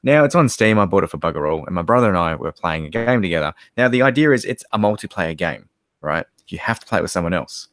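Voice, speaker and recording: Australian guy, live-stream co-host, rambling and lively, dry close sound. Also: low voice, fast talker, dry recording. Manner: rambling, laid-back storytelling with many fillers. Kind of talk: casual live stream chat reading viewer comments.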